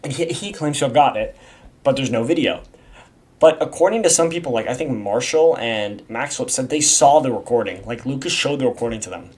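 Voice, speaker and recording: A man's voice: mid-range voice, animated, brisk, darkish tone. A young man in casual video commentary, rambling from one point to the next. His talk is slangy and full of swearing, with frequent restarts. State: has the hiccups. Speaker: YouTube creator explaining a community iceberg.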